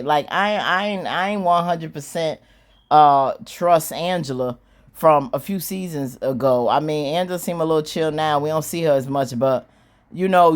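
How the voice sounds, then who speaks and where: A woman casually recapping a TV drama episode, animated and slangy, acting out the characters' lines. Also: sits low. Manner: animated, slangy storytelling with squealing acted-out quotes and laughs. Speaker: show recap host.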